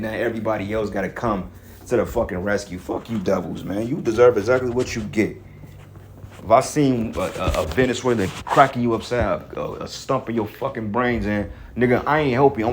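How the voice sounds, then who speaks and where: Angry cursing preacher man, low voice. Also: a little hiss or hum. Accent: African American Vernacular English. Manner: reads scripture aloud. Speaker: street preacher. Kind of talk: profane street sermon.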